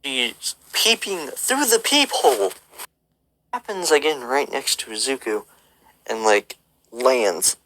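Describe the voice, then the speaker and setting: Bright, upbeat man hosting a story channel. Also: mid-range voice, a little hiss or hum, rough recording. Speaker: channel host. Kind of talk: casual story recap and sign-off.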